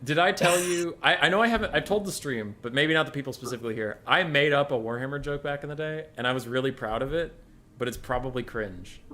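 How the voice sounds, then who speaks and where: Brief: male streamer, bright tone, relaxed joking chatter over a game. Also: mid-range voice, fast, a little hiss or hum. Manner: laid-back, joking, laughs often. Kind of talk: casual gaming chat.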